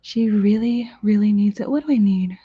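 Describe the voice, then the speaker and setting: A woman hosting a casual crafting livestream, chatting in a bubbly way with quick gushing asides while she demonstrates. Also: medium pitch, husky, no room sound, highs cut off. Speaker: crafting channel host. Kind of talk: casual live-stream chat with demos.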